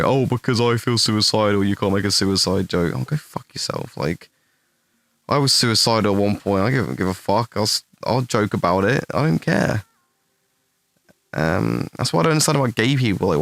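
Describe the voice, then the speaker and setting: A young man with a West Midlands English accent and a slightly low voice answers his viewers on a livestream. He talks in a blunt, profane, rambling way. The sound is dry and close to the mic. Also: fairly bright tone, no room sound. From England, West Midlands. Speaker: streamer answering chat questions. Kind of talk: casual livestream chat.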